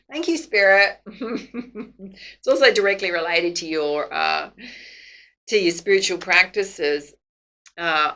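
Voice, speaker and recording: A woman's voice: fairly low pitch, creaky, pushed and bright, rough recording. A woman doing a casual tarot reading to camera, chatty and laughing often. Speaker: psychic tarot reader.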